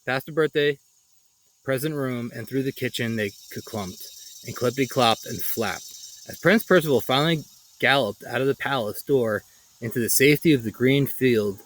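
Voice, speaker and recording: A man reading a children's picture book aloud, animated and pausing for his own asides. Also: medium pitch, low-quality recording. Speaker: storyteller.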